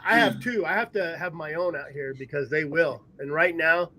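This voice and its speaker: A man's voice: fairly high pitch, moderate pace, bright, forceful tone. A rambling man, chatting casually on a podcast over a remote call. He tells his stories loosely and laughs often between them. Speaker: podcast host. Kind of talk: casual chat. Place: at home in a trailer.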